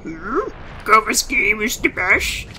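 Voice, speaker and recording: Bright-voiced woman doing excitable game commentary. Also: medium pitch, slow, slight background noise. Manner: excitable, swearing, laughing often. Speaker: gaming let's-play host.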